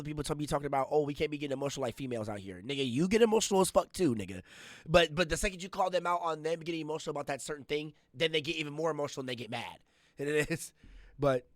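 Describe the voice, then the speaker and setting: A man's voice: fairly high pitch, a bit bright, no room sound, studio quality. A man streaming a casual reaction, ranting bluntly with a lot of profanity and getting riled up.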